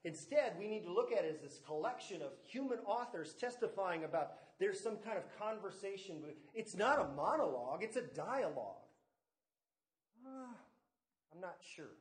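Male pastor, high voice, sermon in an echoey church hall, stresses key words. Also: lively intonation, moderate pace. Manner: teaching with stress on key words and asides to the congregation. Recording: echoey room.

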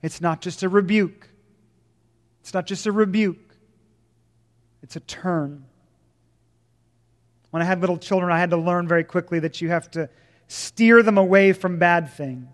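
A man preaching a sermon as pastor, swinging from loud emphasis to hushed, slow lines. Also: high voice, big-room sound.

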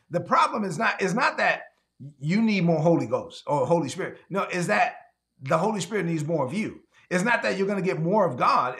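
High, gravelly-voiced man preaching. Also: fairly bright tone. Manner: emphatic, repeats key lines slowly for effect; acts out quick back-and-forth dialogues. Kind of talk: sermon.

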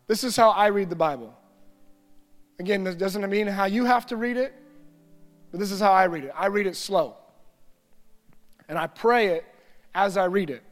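A man preaching a sermon as pastor, earnest and repetitive, building lists of phrases and slipping into quiet prayerful reading. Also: high voice, fairly even intonation, normal speed, long pauses, big-room sound.

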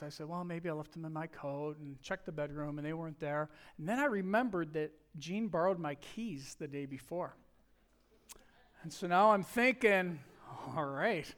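A middle-aged man preaching a sermon, telling a personal story in a conversational way and acting out the quoted dialogue. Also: on the high side.

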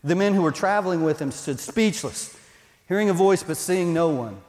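A man's voice: high voice, animated, normal speed, a little mellow. A male pastor, preaching a sermon in a conversational, emphatic way. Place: church. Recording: long reverb in a church hall.

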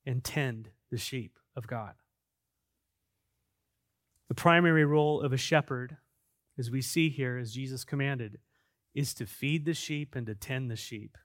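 A man preaching as a pastor, earnest and emphatic, dropping to quiet stretches and then building back up. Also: mid-range voice, dry recording, studio quality. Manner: earnest, emphatic preaching that swings between soft and loud. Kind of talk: sermon.

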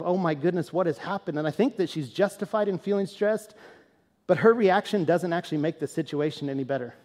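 High-voiced male pastor in a reverberant hall. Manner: conversational, animated storytelling that turns to earnest, quieter teaching. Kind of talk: storytelling sermon.

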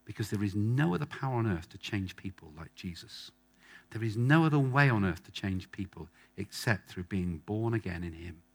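A man's voice: lowish voice, expressive, normal speed, vocal fry. A man preaching a sermon to a congregation in front of him, emphatic and fond of repeating phrases for effect. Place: church hall with a live congregation.

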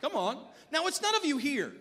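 A male pastor delivers a sermon in a notably high voice. He is emphatic and exhorting, and he presses his congregation for responses. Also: sing-song, normal speed, bright, forceful tone, a little hiss or hum.

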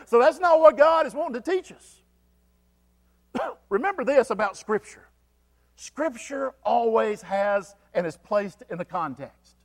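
A man preaching a sermon as pastor, asking the congregation questions and repeating key phrases for emphasis. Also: high voice. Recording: long hall reverb.

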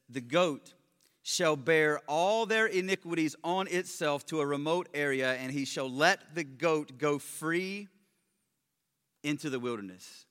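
A man preaching a sermon, swinging between loud emphatic stresses and quiet low asides, with joking remarks. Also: measured pace, smooth. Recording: long hall reverb.

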